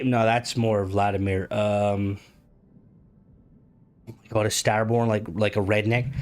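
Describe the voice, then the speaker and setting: A man's voice: on the low side, little pitch movement, normal speed, a little mellow. A man streaming and chatting casually, rambling with lots of fillers, restarts and swearing. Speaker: game streamer. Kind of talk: casual live-stream chat.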